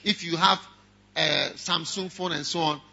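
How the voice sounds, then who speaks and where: A man preaching a sermon as pastor, moving from quiet talk to shouting, and mocking critics in whiny voices. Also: on the high side, steady tone, measured pace, vocal fry, husky. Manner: mocks objectors in whiny voices. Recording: dull lo-fi sound.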